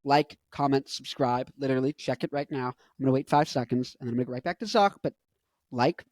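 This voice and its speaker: A man's voice: medium pitch, brisk, no echo, clean studio sound. Goofy, rambling young man vlogging. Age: 20s. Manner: goofy, jumps between topics and bits. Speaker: vlogger and rock musician. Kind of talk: casual rambling commentary.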